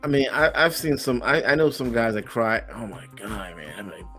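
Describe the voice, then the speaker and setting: A man's voice: mid-range voice, lively intonation, normal speed, music in the background. Man hedging in casual podcast chat. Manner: hesitant, many fillers and restarts. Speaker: podcast co-host.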